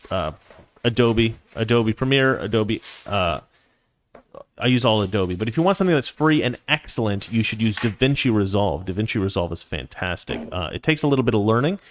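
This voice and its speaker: A man hosting a live stream, reading viewer comments and giving opinions in a rambling, casual way with many restarts. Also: lowish voice. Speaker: host.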